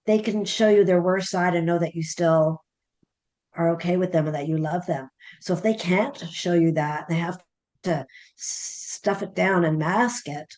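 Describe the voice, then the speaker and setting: A woman's voice: lowish voice, moderate pace, a little mellow. A middle-aged woman, a parenting author guest, telling a story animatedly and acting out the dialogue. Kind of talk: conversational storytelling interview.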